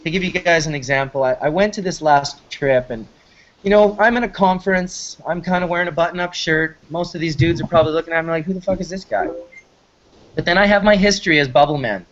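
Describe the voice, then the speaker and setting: A man's voice: a little high, fast talker, a bit bright. A man hosting a casual talk show, telling stories in a rambling, enthusiastic way with frequent restarts. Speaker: host. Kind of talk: casual storytelling chat. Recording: slightly muffled lo-fi recording.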